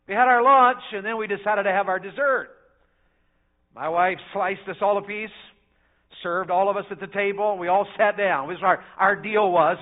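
A middle-aged man, preaching a sermon in a folksy storytelling way that swings between loud and soft. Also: high-pitched. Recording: phone-like narrow sound.

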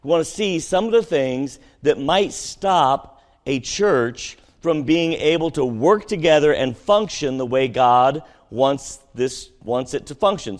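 A man preaching a sermon to his congregation, asking them questions and swinging between emphatic peaks and quiet conversational asides. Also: a little high. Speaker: pastor. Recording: long hall reverb.

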